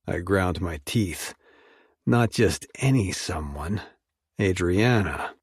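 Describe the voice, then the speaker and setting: A male audiobook narrator reading in a measured, steady first-person voice. His pitch sits low and his pace is unhurried, recorded dry and close. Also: breathy edge, no echo.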